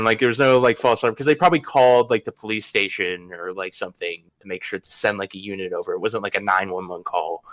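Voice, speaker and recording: A man's voice: lowish voice, fairly even intonation, fast talker, hardly any pauses, fairly bright tone. A young man on a podcast, casually telling a rambling story, laughing often and swearing freely. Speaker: podcast host.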